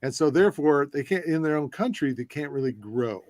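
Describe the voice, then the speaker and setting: A man's voice: on the high side, expressive, a little fast, a little mellow, no echo, clean studio sound. A man co-hosting a casual interview show, chatty and enthusiastic as he asks questions. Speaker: podcast co-host.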